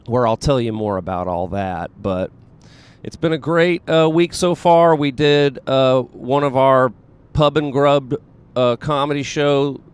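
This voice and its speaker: A man's voice: medium pitch, smooth. A man hosting his own show as a comedian, in a rambling, self-deprecating monologue full of fillers, with a Southern US accent.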